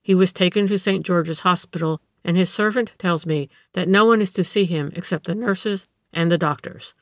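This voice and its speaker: Victorian gentleman narrator-hero, read by a woman: earnest, blunt, lowish. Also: no echo, studio quality, natural voice. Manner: measured, blunt.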